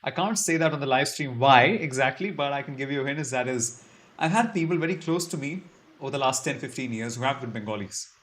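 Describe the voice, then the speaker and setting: A man's voice: mid-range voice, quick pace, a bit bright. A man hosting a casual live-stream Q&A, reading out viewer comments and answering them with chatty, self-deprecating humor. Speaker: YouTube live stream host.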